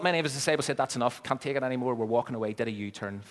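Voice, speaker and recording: A man preaching a sermon, swinging between loud emphatic lines and near whispers. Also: medium pitch, very fast, long reverb tail. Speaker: pastor.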